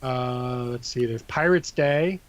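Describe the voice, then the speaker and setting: A gaming podcast co-host with a medium-pitched voice goes slowly through a list of events, tossing in loose asides along the way.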